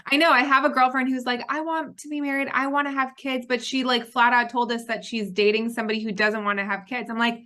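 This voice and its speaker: A woman's voice: on the high side, fast talker, hardly any pauses. A woman in her thirties hosting a casual business chat, telling personal stories with frequent laughter. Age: 30s. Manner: lively storyteller, laughs often. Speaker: podcast host.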